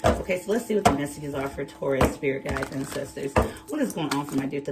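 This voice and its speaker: A woman tarot reader chatting casually and telling an animated story, laughing and using slang. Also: extremely low pitch, quick pace, heavy background noise. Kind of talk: casual chat. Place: home kitchen, early morning.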